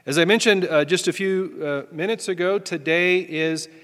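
A man's voice: high-pitched, moderate pace, fairly bright tone, long reverb tail. A man preaching a sermon as pastor, in a folksy, self-deprecating way.

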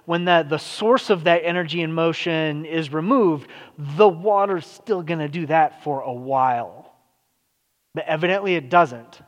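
A man's voice: fairly high pitch, muffled recording. Male preacher, conversational sermon delivery, fillers and restarts, long hall reverb.

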